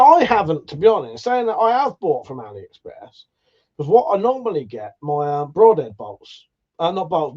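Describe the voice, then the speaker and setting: A man with a slightly high voice hosts a relaxed livestream and greets viewers by name. He sounds a bit tired and swears casually. The audio is dull and lo-fi. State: tired, yawning. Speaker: livestream host. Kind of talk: casual live chat reading viewer comments.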